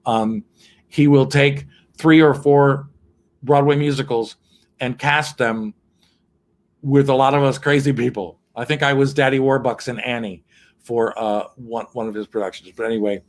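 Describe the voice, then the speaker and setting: A man's voice: mid-range voice, fairly even intonation, normal speed. A man hosting an online cabaret show from his piano, chatting with viewers between songs in a campy, cheeky way and laughing often. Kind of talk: chatty live-stream banter between songs.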